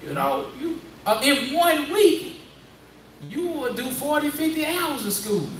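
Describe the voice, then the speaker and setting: A man's voice: very high voice, lively intonation, measured pace, a little hiss or hum. A man preaching in a conversational call-and-response style, prodding a reader through a Bible passage and repeating his points. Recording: echoey room, distant mic, faint ambience.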